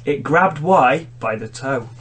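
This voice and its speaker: A man's voice: mid-range voice, lively intonation, slow, a bit bright, breathy edge. A man hosting a casual podcast, reading a silly story aloud and laughing often. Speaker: podcast host.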